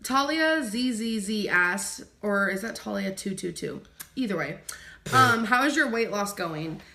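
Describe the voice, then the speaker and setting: Gravelly-voiced woman chatting in an echoey room. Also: medium pitch, lively intonation, measured pace, sharp tone. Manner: chatty, reads out questions, laughs easily. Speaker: YouTuber answering viewer questions. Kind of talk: casual chat.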